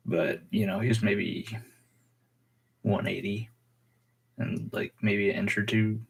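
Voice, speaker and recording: A young man telling a personal story on his vlog in a rambling, halting way full of fillers. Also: lowish voice, gravelly, husky. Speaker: vlogger.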